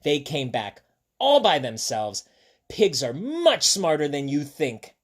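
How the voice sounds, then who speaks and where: Spirited young farm girl, emphatic and drawn-out, higher and louder than the narrator, as a male reader puts her on. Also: huge pitch swings, exaggerated voice. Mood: proud.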